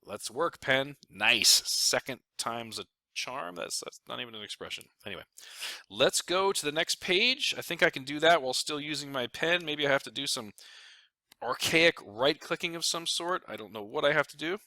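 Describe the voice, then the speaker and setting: Lively joking man explaining finances. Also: on the high side, moderate pace, no echo. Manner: joking, animated, talks to himself while drawing. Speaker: financial advisor presenting a video. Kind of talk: casual explainer talk over a screen.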